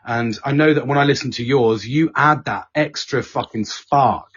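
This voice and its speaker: A man's voice: medium pitch, normal speed, a bit bright, slightly rough. A man chatting casually as podcast host, swearing often and breaking into silly voices when quoting his friends. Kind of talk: casual chat. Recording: dull lo-fi sound.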